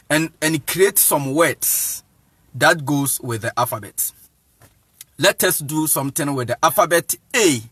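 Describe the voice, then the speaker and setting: Ghanaian man, deliberate teacher cadence, keeps asking if you follow, chuckles. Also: fairly high pitch, sharp tone, dry recording. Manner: insistent, repeats "you see what I'm saying", chuckles often. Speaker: evangelist teaching. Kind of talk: informal lecture monologue.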